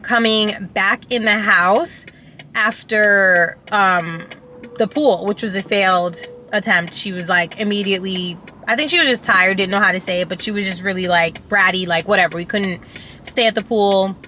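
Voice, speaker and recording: A woman's voice: mid-range voice, normal speed, sharp tone, slight background noise. A woman vlogger telling a storytime in casual chat, rambling with many fillers and restarts, candid and emotional, now and then profane.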